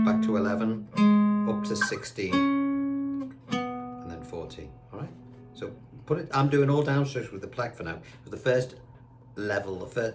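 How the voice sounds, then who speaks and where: Chatty man teaching guitar. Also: on the low side. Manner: chatty, reassuring, counts notes aloud. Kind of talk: guitar lesson. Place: indoors, seated on a squeaky chair.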